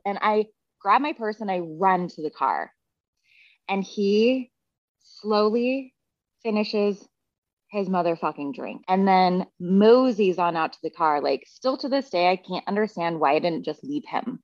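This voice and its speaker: A woman's voice: mid-range voice, no room sound. A middle-aged woman, a podcast guest and therapy practitioner, telling a personal story in casual chat, frank and profane and full of "like.". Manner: frank, profane, heavy use of "like" fillers. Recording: dry, slightly dull recording.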